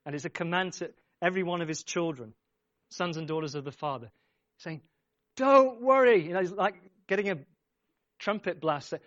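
A man's voice: fairly high pitch, a little fast, fairly bright tone, no echo, muffled recording. A man preaching a sermon, speaking emphatically, repeating his phrases and urging the congregation on. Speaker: pastor.

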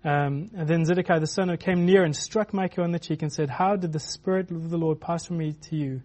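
A man's voice: fairly high pitch, fairly even intonation, brisk, a little mellow. A man preaching a sermon in a loose, conversational way, with many restarts and filler words.

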